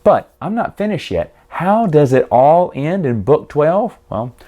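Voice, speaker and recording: A man's voice: on the high side, very animated, unhurried, dark tone, muffled recording. A man giving a casual, rambling book review with wry asides, who acts out the characters as he retells the plot.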